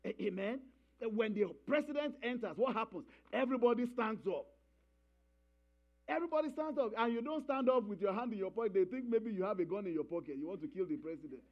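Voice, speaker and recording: A man's voice: high voice, fast, dull audio. A man preaching a sermon, emphatic, repeating key phrases and calling for responses from the congregation.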